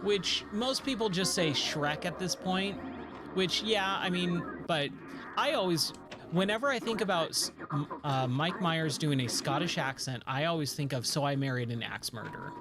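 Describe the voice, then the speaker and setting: Chatty man gaming over loud music. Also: on the high side, normal speed. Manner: rambling, chatty, easily sidetracked. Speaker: streamer playing arcade games. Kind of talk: casual chat while gaming. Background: game music.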